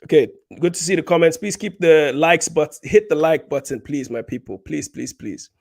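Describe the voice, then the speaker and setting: Animated man hosting a political livestream. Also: a little high, normal speed, vocal fry. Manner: animated, repeats points for emphasis, many fillers. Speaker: host of a political commentary livestream. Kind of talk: casual political commentary with live comments.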